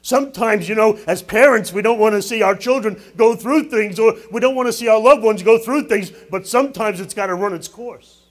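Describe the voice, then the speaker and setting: Middle-aged male pastor, high-pitched, sermon delivery with emphatic swells and wry asides. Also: a little fast. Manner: preaching with rising emphasis and asides.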